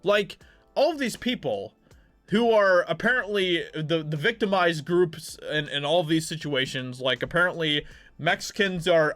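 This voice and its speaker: A man's voice: on the high side, fairly bright tone, dry recording. A man in sarcastic, mock-outraged opinion commentary, reading news aloud and reacting. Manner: sarcastic, mock-outraged, with filler words and restarts. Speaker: commentary YouTuber.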